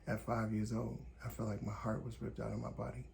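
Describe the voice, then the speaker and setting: A man from Indiana hosting a podcast, telling a personal story in calm, deliberate, short measured phrases. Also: lowish voice, vocal fry, a little hiss or hum. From Gary, Indiana, USA. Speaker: podcast host. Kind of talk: reflective personal storytelling monologue.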